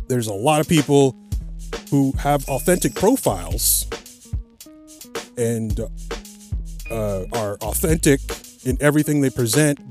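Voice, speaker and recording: A lone podcast host chats in a relaxed, meandering way, often restarting sentences and leaning on fillers. His voice sits at a medium pitch and carries a warm tone.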